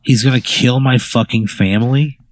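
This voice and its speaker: A man's voice: medium pitch, fairly even intonation, moderate pace, no room sound. A man hosting a podcast, reacting with incredulous, exasperated swearing. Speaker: podcast host. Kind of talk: casual comedic chat.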